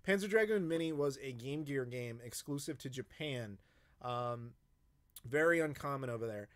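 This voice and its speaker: A man's voice: medium pitch, lively intonation, normal speed. An American man hosting a casual live-stream Q&A, rambling with frequent fillers and profanity. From United States. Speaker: YouTube host answering live chat questions.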